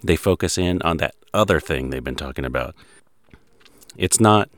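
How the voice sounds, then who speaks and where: A man's voice: sits low, animated, moderate pace, long pauses, fairly bright tone, no echo. A man hosting a podcast, narrating a story in a wry, conversational way. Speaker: podcast host.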